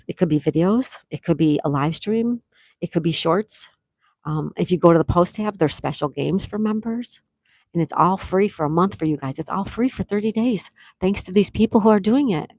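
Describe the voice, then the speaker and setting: A woman hosting a live stream, reading chat comments and excitedly thanking viewers, with frequent gasps. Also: on the low side, no room sound, clean studio sound. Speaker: livestream host.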